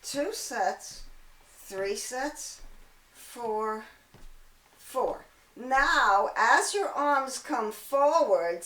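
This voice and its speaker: Pilates teacher lady, a bit hoarse, kinda high voice, counting reps in a roomy echoey space. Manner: counts reps, steady cueing, chatty asides. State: throat-clearing, hoarse from allergies. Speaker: pilates instructor. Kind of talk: guided workout instruction.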